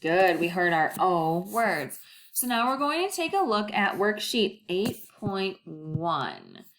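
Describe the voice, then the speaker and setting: A woman teacher giving a recorded phonics lesson, slow and deliberate, stretching out the model words and praising often. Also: mid-range voice, wildly swooping pitch, a bit bright. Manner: encouraging, sing-song classroom delivery.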